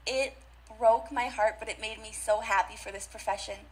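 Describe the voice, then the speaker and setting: A woman's voice: on the high side, fairly even intonation, normal speed, rough recording. A young adult woman giving an emphatic motivational talk at a conference, repeating key phrases and speaking straight to the audience. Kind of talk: motivational speech. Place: conference stage.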